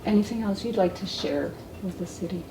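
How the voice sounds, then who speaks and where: A woman's voice: medium pitch, fairly quick, roomy sound, distant mic, background noise. A woman hosting a casual interview, encouraging and thanking her guest with frequent laughs. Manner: warm, encouraging, laughs often. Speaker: interviewer, host.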